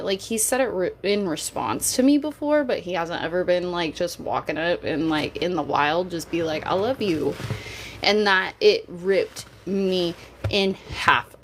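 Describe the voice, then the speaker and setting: A woman's voice: fairly low pitch, a little hiss or hum. A woman streaming live, a mother chatting candidly with her viewers in a jokey, casual way and swearing now and then. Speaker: livestreamer.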